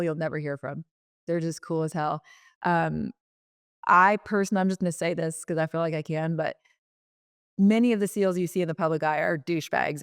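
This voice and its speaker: A woman's voice: on the low side, clear, resonant tone, dry recording, clean studio sound. A middle-aged woman, a podcast guest, telling a personal story frankly and chattily, acting out the dialogue she quotes.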